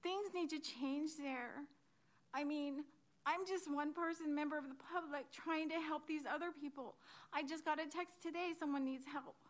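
A high-voiced woman speaks at a council meeting podium, close to crying. She pleads in a rambling, emotional way and keeps losing her composure. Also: steady tone, moderate pace. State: near tears. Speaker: public commenter at a city council meeting. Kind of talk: emotional public comment. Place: council chamber.

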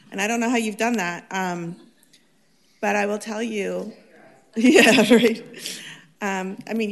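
A woman's voice: medium pitch, vocal fry. A woman council member giving a chatty tribute at a city council meeting, laughing and using many fillers.

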